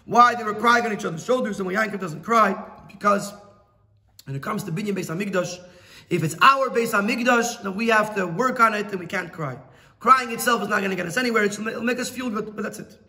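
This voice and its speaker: Bright high-voiced rabbi teaching a class. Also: male voice, fairly quick. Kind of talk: Torah lesson explaining a text.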